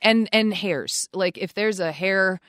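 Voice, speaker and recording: A woman's voice: mid-range voice, slow, fairly bright tone, dry recording, studio quality. A woman co-hosting an etiquette advice podcast, chatting casually, laughing often and saying "like" a lot. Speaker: podcast co-host.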